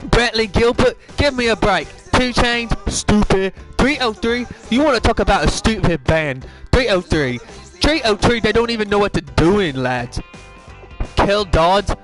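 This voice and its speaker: A man's voice: high-pitched, a bit bright. A man doing a goofy impression of a rambling British celebrity footballer in a put-on accent that drifts from Cockney to Liverpool. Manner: rambling, goofy, self-correcting. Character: mock celebrity footballer hosting a pre-show, rambling and silly. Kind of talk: comedic impression monologue.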